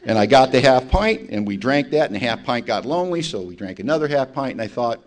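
A man's voice: medium pitch, sing-song, fairly quick. Blunt storytelling man giving testimony. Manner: emphatic storytelling, blunt and self-mocking. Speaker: recovery meeting speaker. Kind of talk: personal testimony talk.

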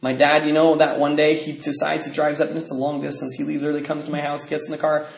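A middle-aged man telling his personal recovery story at a meeting, emotional and swinging from loud to quiet. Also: fairly high pitch, monotone, fast, creaky. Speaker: speaker sharing at a recovery meeting. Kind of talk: personal testimony talk. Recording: echoey room.

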